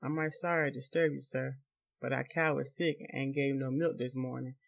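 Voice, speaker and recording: A man's voice: medium pitch, fairly even intonation, a little fast, creaky, close to an everyday voice. A man voicing a frightened young country wife. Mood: fearful. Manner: pleading, soft rural dialect.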